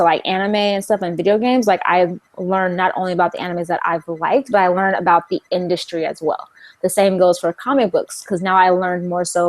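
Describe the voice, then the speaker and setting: Young cali woman on a podcast, kinda low voice, rambles with lots of likes. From California. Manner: chatty, stacks up "like" and restarts. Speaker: podcast co-host. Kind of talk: casual chat.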